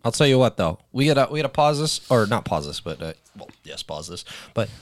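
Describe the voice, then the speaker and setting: A man's voice: on the low side, very animated. Joking man hosting a podcast. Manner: joking, asks quick questions. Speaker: podcast host. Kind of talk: casual chat.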